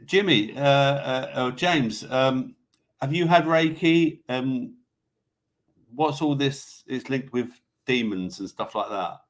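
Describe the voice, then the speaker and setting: A man hosting a casual live show, rambling through viewer comments and news items in an offhand, swearing way. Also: medium pitch. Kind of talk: casual livestream chat.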